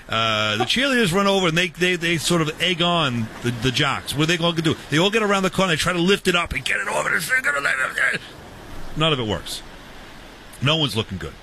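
A man's voice: on the high side, bright, forceful tone, slight background noise. An older man casually telling a long rambling story to an old friend, with quoted dialogue and many restarts.

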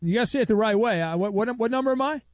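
A man's voice: sits high, racing, slight background noise. A man hosting a sports talk radio show, chatty and opinionated, telling stories and arguing with callers. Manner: chatty, opinionated, animated storytelling.

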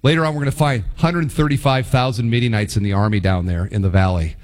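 A man preaching a sermon, acting out biblical characters' voices with big pitch swings. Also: fairly even intonation, fast, hardly any pauses, a little mellow, big-room sound. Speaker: pastor.

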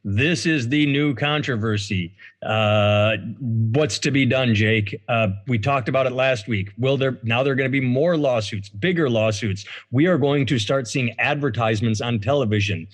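A man's voice: medium pitch, moderate pace. A man hosting a casual podcast, reading out news stories with sarcastic asides. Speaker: podcast host.

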